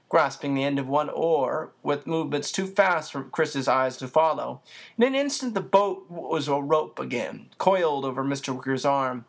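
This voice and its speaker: Audiobook narrator, steady even storytelling delivery, middle-pitched voice, minor slips left in. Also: normal speed, gravelly. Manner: steady, even storytelling with an occasional small slip. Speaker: audiobook reader.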